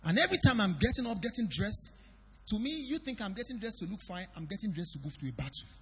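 High, lively pastor preaching. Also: male voice, fast, a little hiss or hum. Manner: dramatic, swings between loud declarations and quiet confiding. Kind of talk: sermon. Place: large church hall. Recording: long reverb of a church hall.

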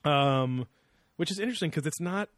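A man chatting casually on a podcast, joking and laughing between thoughts. His voice sits a little high. The sound is close and dry, with no room around it. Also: expressive, normal speed, dry recording. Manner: laughs often, loose and joking, swears. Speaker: podcast co-host. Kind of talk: casual chat.

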